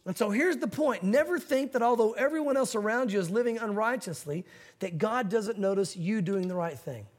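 A man's voice: high-pitched, lively intonation, brisk. A male pastor preaching a sermon, telling a story with acted-out quotes and teaching from a Bible verse.

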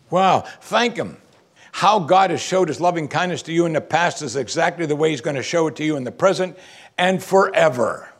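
Man preaching, husky, slightly high voice, emphatic, soft asides then loud cries. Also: expressive, a little fast. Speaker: pastor. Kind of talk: sermon.

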